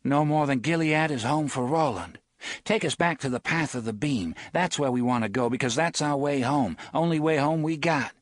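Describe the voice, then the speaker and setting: In a dry, studio-quality recording, a man speaks at normal speed in a natural voice pitched higher than his own, on the high side overall. He's voicing a fearless young woman with a blunt, folksy drawl, and she sounds defiant.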